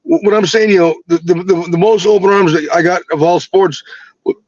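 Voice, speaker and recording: A man who is a bare-knuckle fighter, talking in a halting way with many repeated words. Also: sits high, fairly even intonation, darkish tone, no echo, muffled recording. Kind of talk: casual interview talk.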